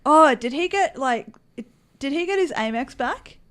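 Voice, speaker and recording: A woman's voice: sits high, lively intonation, measured pace, fairly bright tone. A woman playing in a tabletop game, playful and teasing. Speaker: player. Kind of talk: casual chat.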